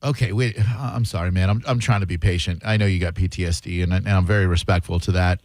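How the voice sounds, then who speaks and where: A man's voice: deep voice, fairly even intonation, quick pace, darkish tone, no room sound. A male radio host taking calls, blunt and sarcastic, often restarting his sentences. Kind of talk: call-in radio talk.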